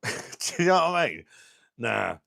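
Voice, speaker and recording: A man hosting a live stream, chatting casually and bluntly with viewers, crude and quick to laugh at his own jokes. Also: mid-range voice, sing-song, creaky, pushed and bright, no room sound, clean studio sound. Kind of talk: casual live chat reading viewer comments.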